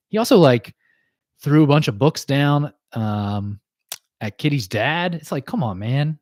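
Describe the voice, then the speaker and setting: A man's voice: medium pitch, lively intonation, darkish tone, no room sound, clean studio sound. A man hosting a casual livestream chat, recapping cartoon episodes in a loose, chatty way with frequent laughs and fillers. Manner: chatty, laughs often, many fillers and quick asides. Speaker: podcast host.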